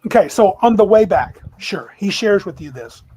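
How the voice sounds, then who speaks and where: Husky-voiced male game master narrating. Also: high-pitched, expressive, moderate pace, darkish tone, poor audio.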